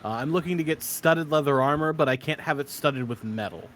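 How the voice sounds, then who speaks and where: A man's voice: a little high, a little fast, a bit bright, a little hiss or hum. A man playing in a tabletop game, speaking hesitantly with many "uh"s. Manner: hesitant, full of uhs. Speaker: player.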